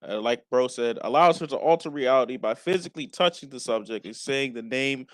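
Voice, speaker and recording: A man co-hosting an anime podcast, telling stories with slang and animated voices. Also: mid-range voice, a little fast, dry recording. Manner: animated, loud slang-heavy storytelling. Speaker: podcast co-host. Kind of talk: casual chat about anime.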